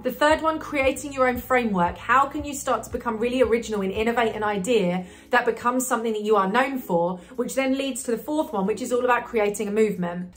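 A woman's voice: a little high, a bit bright. A woman business coach giving marketing advice to camera in a chatty, upbeat way, with frequent fillers and restarts. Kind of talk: talking-head marketing advice video.

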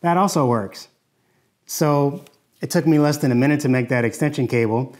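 A man's voice: mid-range voice, normal speed, a little mellow. A man teaching in a video lesson, plainspoken and skeptical as he picks apart hoaxes. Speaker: engineering YouTuber.

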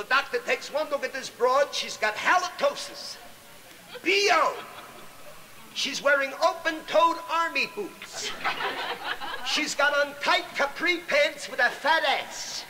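A man doing a brash stand-up comedy routine with rapid-fire insult jokes. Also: very high voice, sharp tone, a little hiss or hum, poor audio.

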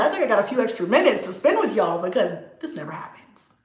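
A young adult woman chatting casually to her viewers, lively, swearing freely and acting out her kids' voices. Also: sits high, fairly quick. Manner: animated, acts out voices of her kids. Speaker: video host. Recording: echoey room.

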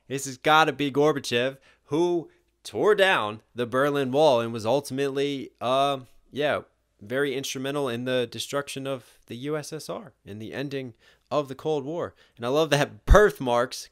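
Young guy rapper doing a reaction vid, mid pitch, lots of laughs n cursing. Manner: animated, laughs often, swears casually. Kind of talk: casual reaction commentary.

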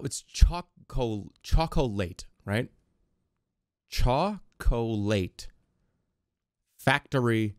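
A man streaming a game, talking in an excitable, joking, profane way. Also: fairly low pitch, dry recording, clean studio sound. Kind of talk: casual gameplay commentary.

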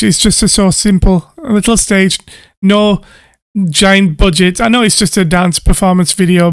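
High-voiced, enthusiastic man in reaction commentary. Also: no room sound, clean studio sound. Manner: enthusiastic, gushing, laughs often. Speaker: music producer reacting to a video.

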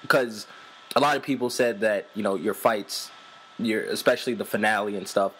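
A man's voice: on the low side, fairly even intonation, normal speed, a bit bright, a little hiss or hum, low-quality recording. A man hosting a one-on-one interview, asking questions conversationally with lots of "like" fillers. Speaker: interviewer, host.

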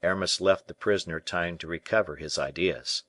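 Deep-voiced man reading an audiobook. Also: a little fast, fairly bright tone, no room sound. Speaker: audiobook reader. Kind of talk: scripted narration.

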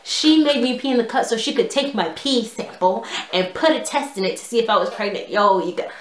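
A young woman telling a storytime vlog in a casual, animated way, full of "like" and quoted dialogue. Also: on the high side, brisk. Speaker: vlogger. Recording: echoey room.

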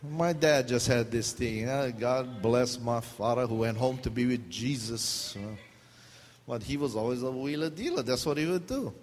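A man's voice: mid-range voice, normal speed. A middle-aged man from Hawaii with a Pidgin-tinged accent, telling funny stories in a sermon as a pastor. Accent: Hawaiian Pidgin-tinged English. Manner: animated, humorous, laughs mid-story. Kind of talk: storytelling sermon. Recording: long hall reverb, faint background noise.

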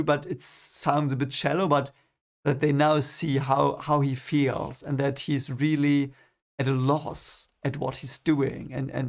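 A man's voice: mid-range voice, creaky. A young man giving first-time read-along commentary on a book, hesitant and repeating his words, often chuckling. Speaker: book reader reacting.

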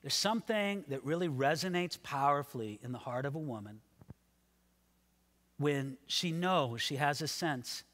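Male pastor with a high voice, animated sermon delivery, long hall reverb. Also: measured pace. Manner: animated, acts out quoted voices. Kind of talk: expository sermon.

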